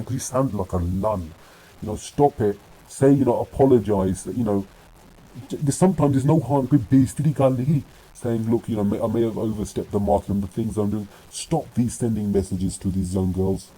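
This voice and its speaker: Blunt, scolding man with a husky voice. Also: on the low side, mellow, low-quality recording. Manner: blunt and scolding, swears freely, switches between English and Punjabi. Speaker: commentator. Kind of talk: video rant.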